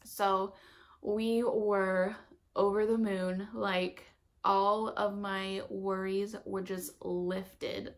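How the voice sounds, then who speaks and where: Chatting casually on her vlog, this young pregnant woman retells a story emotionally, packed with fillers and laughter. She has a mid-range voice with little pitch movement and draws out her words.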